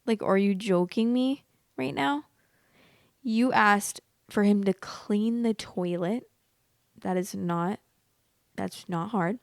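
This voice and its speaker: A young woman with an American accent talks in a casual, chatty way and reacts to stories with big, exaggerated remarks. Her voice is smooth and clear, and it sounds close and dry with no room around it. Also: mid-range voice, slow pace, pauses often, no echo. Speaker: host reading online stories. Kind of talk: casual storytime commentary.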